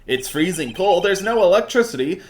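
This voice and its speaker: Man putting on a high, lively, whiny goofball guy for a game dub. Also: fairly quick, a little hiss or hum. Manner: whiny, flustered and boastful. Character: goofy excitable young male slacker. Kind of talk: voicing a game character.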